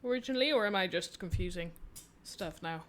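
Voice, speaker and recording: Bright, lively woman streamer. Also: medium pitch, brisk, slight background noise. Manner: reads dialogue in her own voice, no accents; chatty, reacts aloud to the story. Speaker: streamer playing a game. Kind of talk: reading game text aloud and chatting. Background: faint game music.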